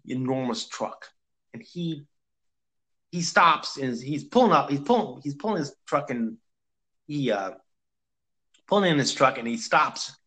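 Bright rambling man telling a story. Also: mid-range voice, poor audio. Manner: rambling, many restarts, acts out quotes. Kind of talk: casual chat, storytelling.

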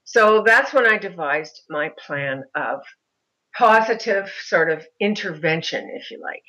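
A middle-aged woman, a mother of a son with a disability, telling her story in an interview in an animated way. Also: lowish voice, measured pace, muffled recording. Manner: animated, mimics other voices in anecdotes.

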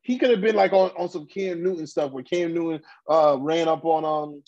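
A man's voice: fairly high pitch, normal speed, darkish tone, muffled recording. A man hosting a casual podcast chat, ranting bluntly and heatedly in slang with many restarts. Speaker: podcast host.

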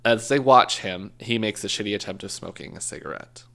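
Gravelly-voiced man telling a true crime story. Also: fairly low pitch, animated, brisk, pushed and bright. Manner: joking storyteller, swears, self-corrects. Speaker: podcast co-host telling a true crime case. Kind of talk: casual chat.

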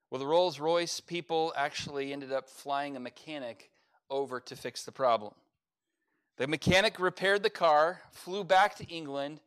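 A man's voice: a little high, a bit bright, clean tone. A middle-aged man preaching a sermon as pastor, reading scripture and adding folksy, humorous asides. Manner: folksy, humorous asides with playful mock voices.

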